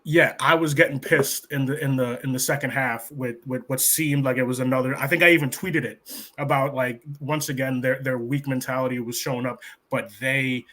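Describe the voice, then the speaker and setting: A hyped American man reacting to a football match, his bright, forceful voice full of loud swearing. He talks fast and animated in a casual podcast chat. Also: medium pitch. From United States. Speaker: podcast panelist.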